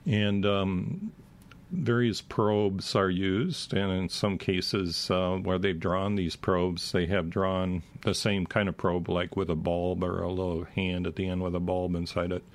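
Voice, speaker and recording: A man hosting a show, talking casually in a rambling, halting way with many fillers, his voice dry and failing. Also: low voice, steady tone. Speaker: show host. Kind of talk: casual talk on alien abduction accounts.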